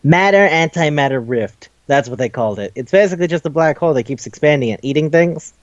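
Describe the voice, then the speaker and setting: A man's voice: a little high, expressive, fast, no room sound, lo-fi sound. A man casually retelling a cartoon episode, swearing, laughing and jumping into the characters' voices. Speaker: podcast host. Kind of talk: casual recap chat.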